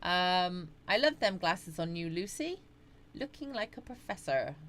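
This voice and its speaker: A middle-aged woman hosts a laid-back live chat stream at home, addressing viewers by name and voicing their comments. Her fairly low voice swings widely in pitch, runs a little slow, and sounds a bit bright. She's chatty, with plenty of yawns and laughter.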